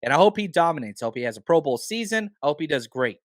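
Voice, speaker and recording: A man hosting a casual sports podcast, animated and firing off rhetorical questions, a bit hoarse from talking a lot. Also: a little high, fast talker, dry recording, clean studio sound. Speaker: podcast host.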